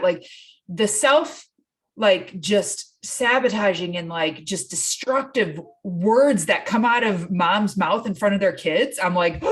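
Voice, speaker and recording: Animated woman fitness coach. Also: medium pitch, takes it slowly. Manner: animated storytelling, acts out quotes. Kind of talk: casual podcast interview.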